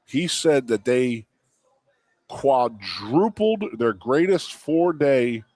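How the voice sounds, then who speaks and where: A lively male co-host from Philadelphia chatting on a live talk show. His voice jumps up and down as he tells stories and laughs easily. The sound is dry and close, with no room in it. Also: medium pitch, extremely slow, dry recording. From Philadelphia area, USA. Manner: animated storyteller, laughing easily. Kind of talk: casual sports talk show chat. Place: restaurant.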